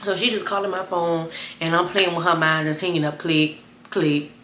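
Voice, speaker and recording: A young woman telling a wild personal story to camera, animated and chatty, talking straight to her viewers. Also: a little fast, echoey room, a little hiss or hum. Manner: animated, addresses viewers as y'all, bursts of high excited retelling. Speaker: storytime vlogger.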